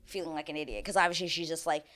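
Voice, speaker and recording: A fed-up woman hosts a reality TV recap, ranting in loose, casual commentary and swearing without a second thought. Her voice sits a little low for a woman. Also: rapid-fire, fairly bright tone. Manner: exasperated, ranting, swears freely.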